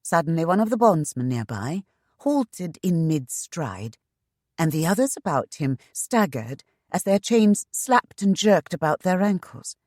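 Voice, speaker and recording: A woman narrating a romance audiobook in a measured, expressive read. Her voice is low and melodic, unhurried, and sits close and dry on the mic. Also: no echo.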